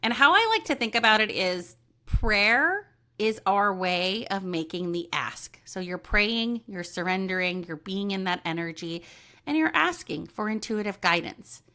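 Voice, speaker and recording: A woman's voice: medium pitch, expressive, unhurried, pushed and bright. A woman hosting a solo podcast, chatting casually and animatedly about intuition and readings, often acting out what people say. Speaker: podcast host and intuitive medium.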